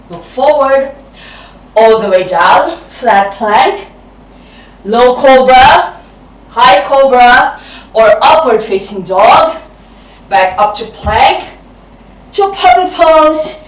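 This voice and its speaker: A woman who teaches yoga, guiding a class slowly with calm step-by-step cues and breathy sighs between breaths. Her voice sits a little high. She is recorded from some distance in an echoey room. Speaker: yoga instructor. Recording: roomy, from a distance.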